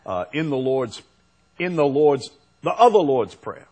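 A man preaching a sermon as pastor, slow and unhurried, rising to emphatic peaks. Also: medium pitch, animated, mellow, slightly rough.

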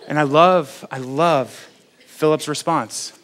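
A man's voice: a little high, slow, a bit bright. A man, a pastor preaching a sermon in a conversational, self-deprecating, joking way.

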